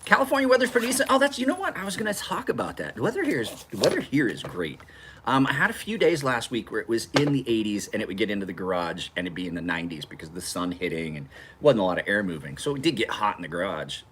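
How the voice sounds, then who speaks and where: A fast-talking man with a voice on the low side and big swings in pitch hosts a knife sharpening channel from his home garage. Against a noisy background, he rambles in a live chat with viewers and laughs his way through profane stories.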